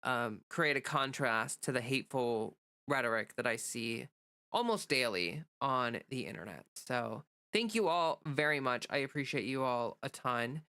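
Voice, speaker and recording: A woman hosts a casual livestream, with a bright and crisp voice. She rambles through fillers and restarts, greets viewers and reads out their comments. The room sound is dry and close. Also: rumbling low, expressive, a little slow, no room sound. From United States. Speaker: livestream host.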